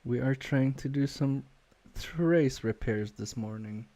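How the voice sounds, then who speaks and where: A male repair streamer with a mellow, mid-range voice thinks aloud unhurriedly while soldering on a live stream. His delivery is hesitant and self-questioning, with many fillers and sentences that trail away, and he mutters quietly, focused on the work.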